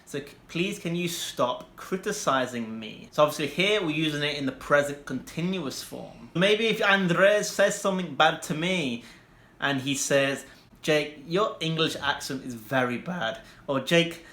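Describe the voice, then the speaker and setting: Young man, English teacher, bright voice, slightly high, slow careful examples, echoey room. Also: expressive. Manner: slow, deliberate example sentences with bursts of quick asides. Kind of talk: explaining vocabulary to learners.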